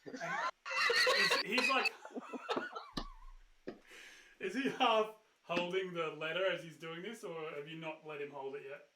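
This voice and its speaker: A man narrating as game master of a tabletop game, rambling loosely with fillers and loud bursts when he voices characters. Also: on the high side, moderate pace, echoey room, noisy background.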